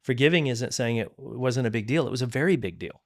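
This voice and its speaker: A man's voice: mid-range voice, lively intonation, fast talker. Earnest middle-aged pastor telling his story. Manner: earnest storyteller, restarts and repeats words. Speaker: pastor and podcast guest. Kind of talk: candid testimony in conversation.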